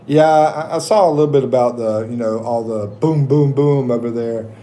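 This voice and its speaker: A livestream host who also works as an expat coach jokes, laughs, and chats casually with his viewers. His voice is mid-range and dark in tone at a moderate pace, with a little hiss or hum in the audio.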